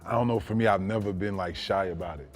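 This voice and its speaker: A man from New Jersey, a former NBA player, telling a story in casual, animated talk, often saying "you know what I'm saying". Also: low voice, fast, faint music behind.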